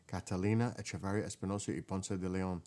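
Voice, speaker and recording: Male vlogger, very low voice, emotional and excitable, casual talk to camera at a computer. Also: fast. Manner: emotional, excited, muttering while reading. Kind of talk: casual vlog, researching family tree.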